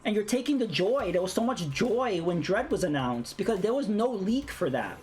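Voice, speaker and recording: A woman's voice: mid-range voice, lively intonation, normal speed, darkish tone. A woman streamer ranting bluntly in casual chat while playing a game, swearing freely. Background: faint game music.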